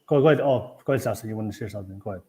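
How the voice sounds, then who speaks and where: A man's voice: on the low side, racing, warm tone. A man hosting a podcast, casual and affirming, reading comments from the live chat. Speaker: podcast host.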